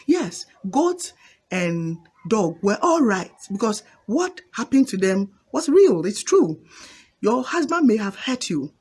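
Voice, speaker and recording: A woman's voice: medium pitch, big pitch swings, slow, a little mellow, husky. A woman telling a folk fable with voiced animals, then directly addressing listeners with its moral. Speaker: storyteller and adviser.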